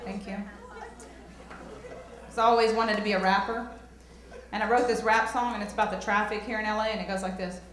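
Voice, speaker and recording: Speaking a little fast with long pauses, a young Southern woman from the countryside does drawling, self-mocking stand-up in an echoey club, handheld mic in hand. Her medium-pitched voice keeps fairly even intonation, except when she bursts into shouted rap bits.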